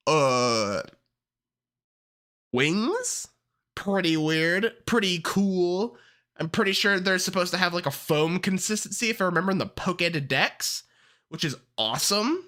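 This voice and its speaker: An excitable, foul-mouthed streamer in casual livestream chat, whose pitch leaps all over the place. The voice is bright and sharp, and the delivery unhurried and drawn out even in the heated rants. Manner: excitable and heavily profane, rants then laughs.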